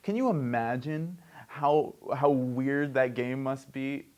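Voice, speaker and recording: A man's voice: mid-range voice, takes it slowly, a little mellow, dull audio. A young man hosting a comedic sports news report, reading headlines with wry, joking asides.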